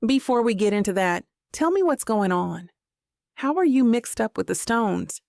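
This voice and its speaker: A woman voicing a gentle but firm middle-aged mother in an audiobook, soft and earnest. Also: on the high side, lively intonation, normal speed, gravelly, no room sound, clean studio sound.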